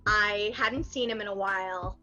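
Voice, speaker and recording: A woman's voice: medium pitch, moderate pace, sharp tone, dull audio, faint music behind. A woman comedian chatting casually on a podcast, telling stories, laughing often and acting out what people said. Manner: chatty storyteller, laughs often, acts out quotes. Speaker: comedian guest.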